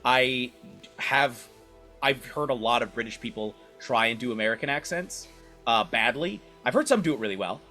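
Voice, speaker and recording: A man in casual podcast chat, speaking earnestly and haltingly, often restarting his sentences. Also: medium pitch, animated, sharp tone, faint music behind.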